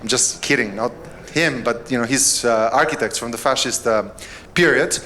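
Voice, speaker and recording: A middle-aged man from Albania, a mayor giving a conference keynote, telling jokes and stories in a relaxed, self-deprecating way. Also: mid-range voice, moderate pace. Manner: joking, storytelling, self-deprecating.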